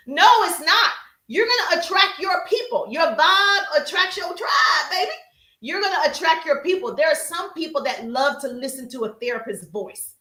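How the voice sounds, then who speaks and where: A woman teaching social media business strategy on a live stream, energetic and emphatic, calling out to viewers in the chat. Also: high-pitched, normal speed, reverberant.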